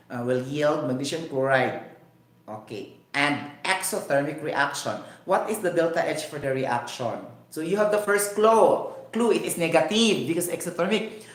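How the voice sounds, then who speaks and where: A man's voice: on the high side, fairly bright tone. Filipino man teaching chemistry, echoey. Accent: Filipino, Cebuano. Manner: chatty, code-switching, asks "okay?" often. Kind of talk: casual online lecture. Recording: echoey room.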